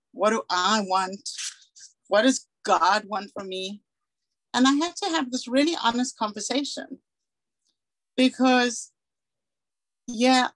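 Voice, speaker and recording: A woman's voice: mid-range voice, dry recording, low-quality recording. A woman in her forties from South Africa, giving a candid, earnest personal talk as a guest speaker and acting out the dialogue she recalls.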